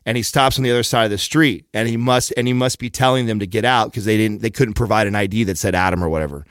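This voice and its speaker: A man casually telling a story on a podcast, profane and animated, acting out the quotes. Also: fairly low pitch, quick pace, no echo, studio quality.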